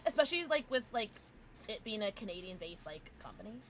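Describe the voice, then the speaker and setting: A woman's voice: medium pitch, sing-song, brisk, fairly bright tone. A young woman streaming a game, chatting casually with her viewers and reacting with frequent giggles. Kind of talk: casual gaming livestream chat.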